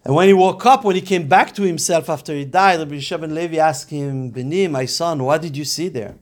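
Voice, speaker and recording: A man's voice: on the high side, fairly quick. A man giving a Torah class on Talmud, speaking earnestly and mixing Hebrew and Yiddish terms into his English, rising to urgent emphasis as he exhorts. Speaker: rabbi teaching Talmud.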